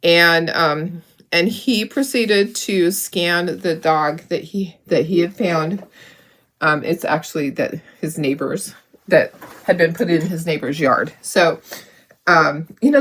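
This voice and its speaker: A middle-aged woman hosting a craft livestream, chatting emotionally with many restarts while she works on her sample. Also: on the low side. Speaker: craft channel host.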